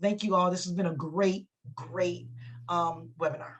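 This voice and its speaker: A woman's voice: fairly low pitch, steady tone, unhurried, breathy edge, lo-fi sound. A woman joining a webinar over a video call, chatty and enthusiastic, with restarts. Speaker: oral health worker on a webinar. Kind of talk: unscripted webinar talk.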